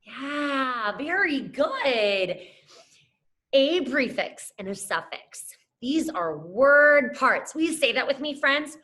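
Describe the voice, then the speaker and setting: A woman's voice: high-pitched, sing-song, slow, bright, forceful tone. A young adult woman teacher giving a phonics lesson to children, upbeat and encouraging, talking to them as friends. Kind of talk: scripted classroom lesson to camera.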